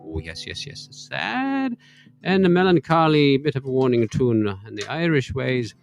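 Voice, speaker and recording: A man's voice: mid-range voice, very animated, fairly quick, faint music behind. A man hosting a casual live stream, joking in puns and reciting comic rhyming verse. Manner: playful, punning, self-deprecating jokes. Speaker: livestream host.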